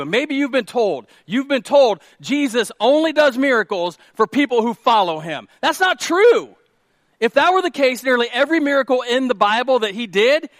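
A man, preaching a sermon with animated storytelling and questions to the congregation. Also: high-pitched, no room sound, studio quality. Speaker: pastor.

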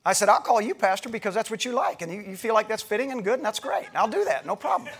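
Man, pastor, high voice, conversational sermon, retells dialogue, restarts often. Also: lively intonation, fast, fairly bright tone, husky. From United States. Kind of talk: sermon storytelling.

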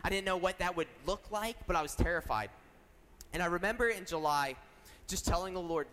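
Young youth pastor preaching, high voice, earnest storyteller, big echoey church hall. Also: male voice, a little fast, pushed and bright. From South Carolina. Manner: earnest, storytelling, self-deprecating jokes, asks the audience. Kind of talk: sermon. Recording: reverberant hall.

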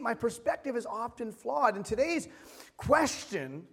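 High-voiced storytelling male pastor. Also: unhurried, creaky, breathy edge. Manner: storytelling, self-deprecating, animated. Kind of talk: sermon.

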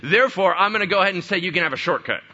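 A persuasive male devil with a coaxing, overly friendly pitch, voiced by a preacher mid-sermon. He talks loud and high, leaning hard on every offer. The recording sounds dull and lo-fi. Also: animated, very fast, heavily acted. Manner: coaxing, pushy, casual. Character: smooth-talking tempting devil, male.

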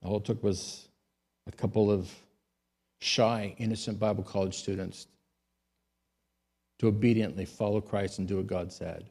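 A man's voice: lowish voice, steady tone, moderate pace, gravelly, pauses often, slightly rough. Man preaching a storytelling sermon. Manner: storytelling, rising to loud emphatic peaks. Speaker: pastor.

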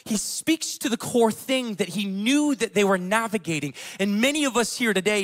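A man in his thirties preaching a sermon as pastor, telling family stories in a casual way with fillers, dropping to a hush and then rising loud. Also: sits high, lively intonation, normal speed, hardly any pauses. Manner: casual storytelling with fillers, swinging between hushed and loud.

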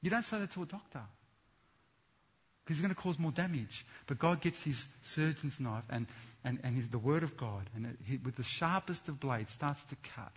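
A man preaching a sermon, swinging between loud fervent exhortation and hushed earnest appeals. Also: medium pitch, lively intonation, moderate pace, slightly rough.

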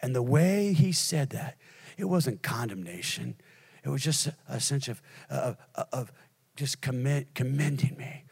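A middle-aged man preaching a sermon as pastor, swinging from hushed, near-whispered lines to loud, emphatic preaching. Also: medium pitch, expressive, slow pace, creaky, breathy edge.

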